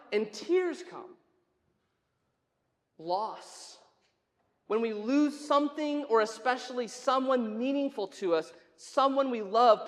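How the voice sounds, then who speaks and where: Pastor preaching in a reverberant church. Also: male voice, extremely high pitch. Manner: conversational, asks the congregation questions, wry asides. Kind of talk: sermon. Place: church sanctuary.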